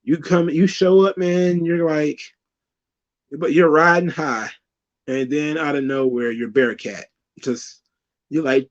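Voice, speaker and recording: A man's voice: fairly high pitch, takes it slowly, dull audio. A man hosting a casual talk show, rambling and cursing, laughing often as he tells stories. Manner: rambling, profane, laughs a lot. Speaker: podcast host. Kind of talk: casual wrestling commentary.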